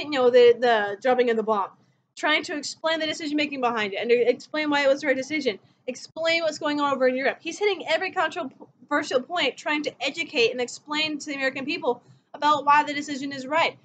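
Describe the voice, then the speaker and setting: Female history teacher, home-recorded lecture, animated storyteller, slight background hiss. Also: sits high, fast. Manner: chatty storytelling, acting out quotes. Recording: dull lo-fi recording.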